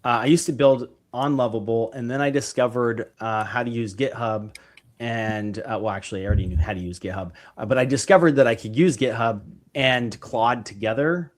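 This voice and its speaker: A man of middle pitch chatting as a podcast guest. He talks in a loose, enthusiastic way, piling up fillers and restarting his sentences as he explains his work. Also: fairly quick. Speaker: podcast guest, real estate investor. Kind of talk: casual interview chat.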